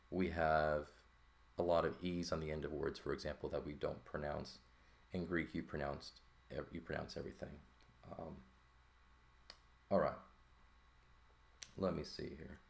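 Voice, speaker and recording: Very deep gravelly male teacher. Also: flat delivery, normal speed, long pauses. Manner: casual, thinking aloud with frequent "okay?" and "right?" checks. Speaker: Greek teacher. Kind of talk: informal recorded lesson, writing on paper.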